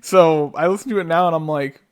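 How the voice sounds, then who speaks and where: A man co-hosts a casual podcast with a fairly high voice. He tells stories with plenty of swearing and jokes. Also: a little fast, smooth. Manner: profane, joking, laughs often. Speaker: podcast co-host. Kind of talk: casual chat.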